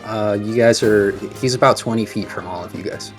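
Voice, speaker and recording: Soft music plays behind a lowish male voice as he runs a tabletop game as game master. His narration is halting, full of fillers and false starts.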